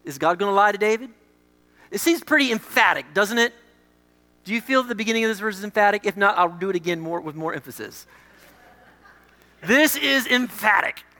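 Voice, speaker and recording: A male pastor delivers a sermon with a bright, ringing tone, leaning hard into emphatic lines and then dropping to quiet asides. His voice echoes with a long reverb across a church sanctuary. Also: high voice, fast. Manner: emphatic, swings between loud declarations and quiet asides.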